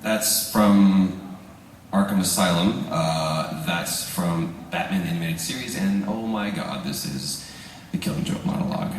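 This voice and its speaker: A man, a voice actor, telling jokey, animated stories on a live convention panel and laughing often. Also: low voice, a little slow. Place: large convention room with audience. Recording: echoey hall, audience noise, from far off.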